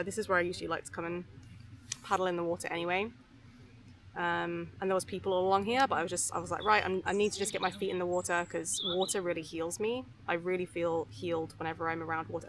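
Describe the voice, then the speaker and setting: A young woman talking candidly to camera outdoors by a river, soft and unhurried with lots of fillers and restarts. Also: on the low side, slight background noise. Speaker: vlogger. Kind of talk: candid rambling talk to camera. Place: outdoors beside a river on a footpath.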